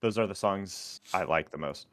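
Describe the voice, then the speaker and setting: A man's voice: low voice, moderate pace, fairly bright tone, no room sound, studio quality. A man co-hosting a podcast, chatting casually in a teasing way. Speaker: podcast co-host. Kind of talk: casual chat.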